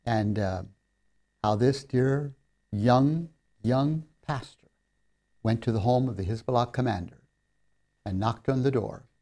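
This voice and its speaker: A man's voice: mid-range voice, unhurried, pauses often. A man giving a recorded seminary lecture, telling stories in an earnest, emphatic way. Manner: earnest storyteller, warmly emphatic on key lines.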